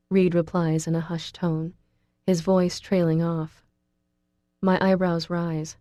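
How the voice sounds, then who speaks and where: Audiobook narrator, woman, warm darker voice, dry close mic. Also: lowish voice, flat delivery, slow pace, no echo. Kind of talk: first-person audiobook narration.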